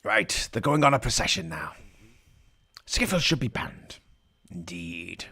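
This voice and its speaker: Putting on a mock pirate voice, a man jokes through irreverent live commentary and drops growling asides between gags. His fairly low voice is very animated, pushed, bright, and slightly rough, and he doesn't hurry. Faint music from the broadcast feed can be heard behind him.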